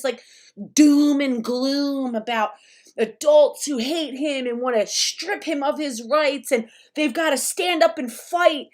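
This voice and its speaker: A woman's voice: sits high, lively intonation, unhurried. A woman hosting a casual livestream, talking bluntly and sarcastically with plenty of swearing and chatting with her viewers. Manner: chatty with live chat. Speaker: commentary streamer host.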